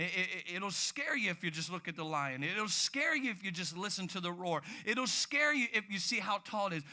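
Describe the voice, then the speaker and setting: A man preaching a sermon, telling stories in an animated way with sudden loud outbursts. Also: high voice. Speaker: pastor.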